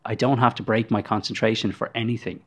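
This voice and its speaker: A man's voice: lowish voice, fairly even intonation, quick pace. Hesitant man hosting a podcast. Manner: hesitant, searching for words with many restarts. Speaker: podcast co-host. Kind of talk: casual podcast conversation.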